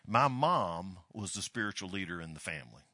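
Forceful, bright-voiced older man preaching. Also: deep voice, brisk, dry recording, studio quality. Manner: folksy, animated storyteller. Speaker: pastor. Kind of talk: storytelling sermon.

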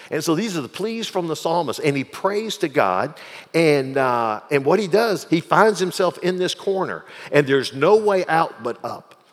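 A male pastor preaching a sermon, swinging from quiet reflection to loud, fervent pleading. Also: mid-range voice. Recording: long hall reverb.

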